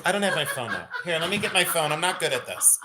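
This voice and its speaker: A man in his fifties hosting a live jewelry sale, chatting loosely and breaking into rapid auctioneer chant. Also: on the high side, very animated, very noisy. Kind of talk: live-stream sales chat.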